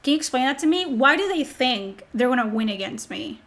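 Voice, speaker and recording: A woman's voice: high voice, lively intonation, fairly quick, a bit bright. A woman streamer talking on a live stream, mocking and sarcastic as she answers chat, swearing often, while sick.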